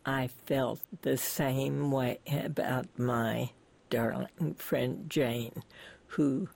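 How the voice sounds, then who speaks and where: A woman hosting a radio interview, asking questions in a slow, deliberate and gentle way. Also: extremely low pitch, steady tone, gravelly. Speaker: radio host.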